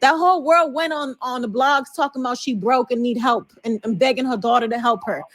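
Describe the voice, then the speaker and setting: A woman's voice: fairly high pitch, brisk, no room sound. A woman on a phone call to her husband, venting emotionally and leaning on fillers like "you know". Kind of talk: casual phone conversation.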